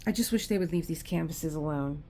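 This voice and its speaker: A woman's voice: deep voice, brisk, dark tone. A middle-aged woman hosting a craft video, chatting casually to the camera and talking to herself in frustration as she works.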